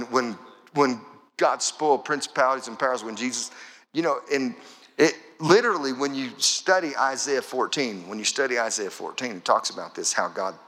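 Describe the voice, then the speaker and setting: A man's voice: medium pitch, fairly bright tone. A male pastor preaching a sermon in church, building momentum with rhythmic, repeated phrases. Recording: echoey church hall.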